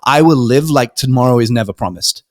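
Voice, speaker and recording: A man's voice: medium pitch, brisk, no echo. Young British man telling a story, dry sound. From Britain. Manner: animated storyteller, acts out quoted voices, frequent ums and restarts. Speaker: podcast guest. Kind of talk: casual storytelling.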